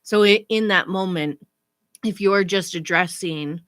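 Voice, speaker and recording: A woman's voice: fairly low pitch, measured pace, fairly bright tone, dry recording, studio quality. A woman in her thirties co-hosting a podcast, chatting casually and offering supportive advice. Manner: supportive, agreeing often. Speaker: podcast co-host. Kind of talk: casual chat.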